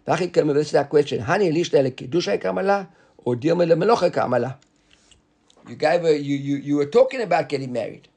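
Fast-talking husky man teaching Talmud. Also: a little high, expressive, a little mellow. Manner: explains rapidly, repeats words while reasoning aloud. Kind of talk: Talmud study class.

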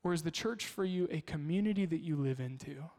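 Storytelling pastor in a reverberant hall. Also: male voice, fairly high pitch, fairly quick. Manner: storytelling, animated. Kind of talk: sermon. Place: church.

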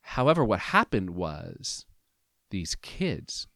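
Man in his fifties, low voice, dry close sound, animated personal storyteller, podcast guest. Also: takes it slowly, creaky, dry recording. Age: 50s. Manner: animated, emotional storyteller who acts out quoted dialogue.

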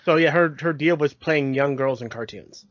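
A man in his thirties co-hosts a podcast in an easygoing way and explains points with examples. His voice sits fairly high. The sound is dry, dull and lo-fi. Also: normal speed, no room sound. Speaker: podcast co-host. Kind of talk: casual chat.

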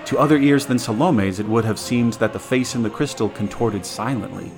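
A man narrating a story aloud as a podcast co-host, steady with occasional stumbles and restarts. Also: mid-range voice, a little fast, music in the background.

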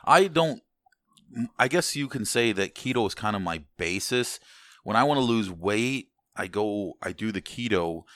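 Deep-voiced rambling American man. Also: lively intonation, normal speed, fairly bright tone, no echo. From United States. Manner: rambling, many restarts, swears casually. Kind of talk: casual chat.

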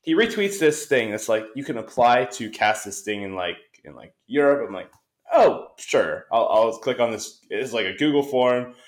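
Young man, casual podcast guest, lively storyteller, echoey room. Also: mid-range voice, moderate pace. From United States. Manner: animated storyteller, acts out quoted exchanges. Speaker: guest, esports caster.

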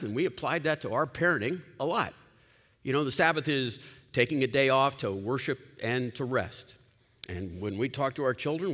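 A man preaching a sermon as a pastor, playful and joking, with bursts of loud mock commands. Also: mid-range voice. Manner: lively, laughing, playful asides and sudden loud commands. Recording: long hall reverb.

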